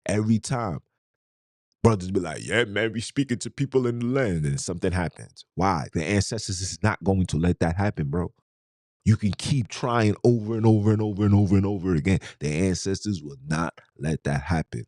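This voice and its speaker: A man with a very low, dark voice rants through a fired-up podcast monologue. He fires off rhetorical questions one after another and drops streetwise slang as he preaches, in a dry, close sound. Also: normal speed, dry recording. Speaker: podcast host. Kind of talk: impassioned monologue.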